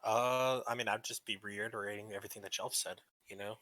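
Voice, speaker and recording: A soft-spoken male co-host, offhand in a casual chat. His voice is bright, and the sound is dry. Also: lowish voice, steady tone, fairly quick, dry recording, poor audio. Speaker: podcast co-host.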